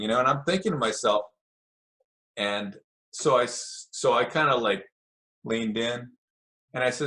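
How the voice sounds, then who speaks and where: A man's voice: medium pitch, unhurried, long pauses, bright, forceful tone. An older man, a podcast guest, telling long anecdotes in a casual interview and acting out what others said. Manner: rambling anecdotes with acted quotes.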